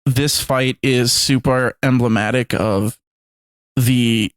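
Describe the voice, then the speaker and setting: A man's voice: mid-range voice, steady tone, takes it slowly, clean tone, dry recording. A man co-hosting a movie podcast in casual chat, rambling, swearing often and acting out scenes. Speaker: podcast co-host.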